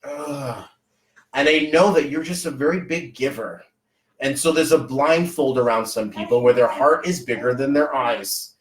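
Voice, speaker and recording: A man hosting a podcast in a casual motivational chat, animated and fond of acting out little scenes. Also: mid-range voice, moderate pace. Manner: animated, acts out little scenes in other voices. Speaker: podcast host. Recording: roomy echoey sound.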